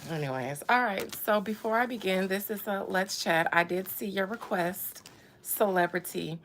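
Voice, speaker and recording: A woman's voice: medium pitch, normal speed, a bit bright, a little hiss or hum. A woman vlogger in casual chat, joking playfully and laughing often.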